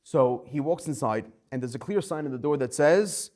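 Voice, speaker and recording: Animated male rabbi telling a story. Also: a little high, moderate pace. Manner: animated storytelling with acted quotes. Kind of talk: storytelling Torah class.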